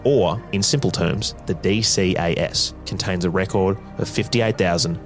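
A low-pitched male narrator delivers scripted documentary lines, dramatic and measured as he works through facts and figures. Faint music runs behind his voice.

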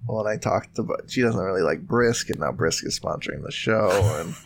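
A man's voice: fairly low pitch, expressive, fairly quick, creaky, a little hiss or hum. A man co-hosting a podcast, chatting casually and joking, laughing often and restarting his sentences. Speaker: podcast co-host. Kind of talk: casual comedic chat.

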